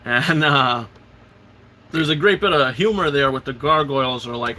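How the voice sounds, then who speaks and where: Bright-voiced man in rambling film chat. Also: medium pitch, moderate pace, a little hiss or hum. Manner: enthusiastic, rambling retelling with stammered restarts. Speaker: host. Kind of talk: casual live film commentary.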